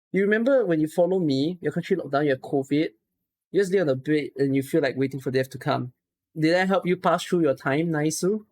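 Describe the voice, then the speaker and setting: Tired, emotional streamer chatting casually. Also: mid-range voice. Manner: emotional, excitable, near tears. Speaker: streamer reading follower names. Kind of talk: casual live-stream chat.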